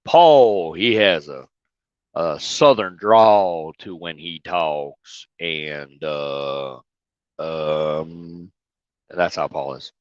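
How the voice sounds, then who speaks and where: A man with a very deep voice talks very slowly on a livestream as he drives his truck, rambling, swearing and greeting viewers by name. The phone recording from inside the cab is dry, with the highs cut off.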